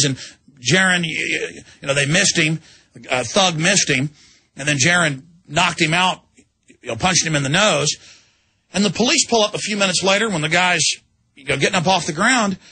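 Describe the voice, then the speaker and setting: A man's voice: high voice, bright, forceful tone, slightly rough. A man hosting a radio show, delivering an indignant ranting monologue and acting out quotes in shifting voices. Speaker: radio host.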